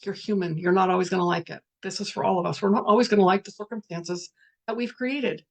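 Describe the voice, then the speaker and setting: A woman's voice: medium pitch, steady tone, fast, a little mellow. A middle-aged woman leading a reflective spiritual talk, speaking candidly and earnestly, sometimes swearing. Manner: candid, earnest, swears, reads out participants' messages. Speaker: workshop facilitator.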